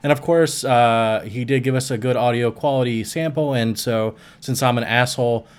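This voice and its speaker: Man, podcast host, middle pitch, relaxed, rambling, chuckles often. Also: normal speed, clean tone. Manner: laid-back, rambling with fillers, laughs easily. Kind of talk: casual chat.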